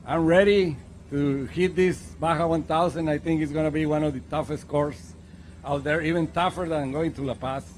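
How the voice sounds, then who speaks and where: A male race driver talks about the course ahead in a confident, thoughtful way. His voice sits a bit high, with faint noise behind him. The interview is recorded outdoors at the event. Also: fairly even intonation, moderate pace.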